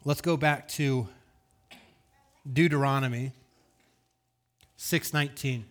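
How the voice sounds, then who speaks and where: Male preacher, mid-pitched, earnest; drops to near-whispers, then lifts for rhetorical questions. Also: fairly even intonation, takes it slowly. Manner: earnest, swings between hushed and raised delivery. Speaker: pastor. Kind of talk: sermon.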